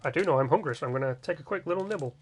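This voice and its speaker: Male streamer, casual commentary, rambling, joking, fairly high voice. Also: expressive, racing, slight background noise. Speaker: game streamer. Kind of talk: casual gameplay livestream commentary.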